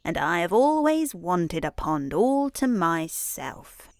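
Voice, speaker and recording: A woman voicing a fussy, fretful talking frog in a bedtime story, in a gently coaxing tone. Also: fairly low pitch, big pitch swings, slow pace, dry recording, heavily acted.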